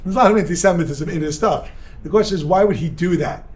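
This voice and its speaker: A male rabbi giving an energetic, joking seminar talk and bantering with a live audience in a room. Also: high-pitched, quick pace. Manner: energetic, joking, talks with the crowd.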